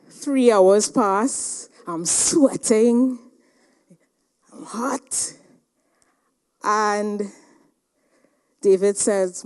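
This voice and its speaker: A woman giving a motivational seminar talk, telling a personal story in a dramatic, animated way. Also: medium pitch, very slow, long pauses. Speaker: seminar speaker.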